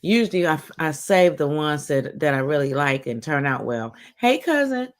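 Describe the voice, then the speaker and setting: A woman's voice: sits low, sing-song, moderate pace. A woman hosting a casual livestream, chatting playfully with a guest and laughing often. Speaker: livestream host.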